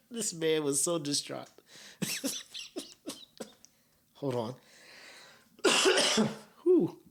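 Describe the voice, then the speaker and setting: A man's voice: on the high side, drawn-out words, vocal fry, pauses often, background noise. A man hosting a podcast, talking casually in slang and laughing often as he comments. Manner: laughs a lot, slangy and animated. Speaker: podcast host.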